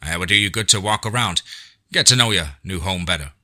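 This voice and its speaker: A man voicing an old, gravelly male werewolf elder who gives gentle but firm orders. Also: sits low, animated, fairly quick, heavily acted. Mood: firm, caring.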